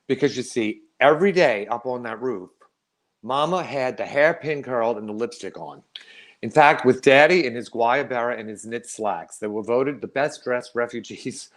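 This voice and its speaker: A middle-aged man performing a wry, animated storytelling monologue, laughing often. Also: mid-range voice, moderate pace.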